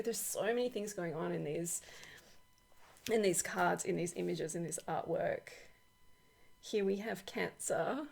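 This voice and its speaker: A woman's voice: medium pitch, creaky. A woman author chatting casually through an unboxing walkthrough, rambling with many fillers and frequent laughs. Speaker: oracle deck author.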